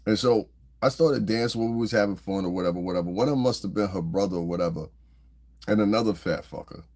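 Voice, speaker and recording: A man with a low, gravelly, slightly husky voice holds forth on his own podcast. He talks loosely and profanely, breaks into laughter, and tells stories in a rambling, casual way. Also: fast talker, a little mellow. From New Jersey. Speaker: podcast host. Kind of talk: casual commentary monologue.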